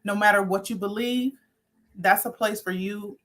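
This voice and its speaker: A woman's voice: mid-range voice, steady tone, normal speed. A woman hosting a spiritual talk show, speaking loosely, often correcting herself and laughing lightly at her slips. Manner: warm, rambling, self-correcting with little laughs. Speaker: host.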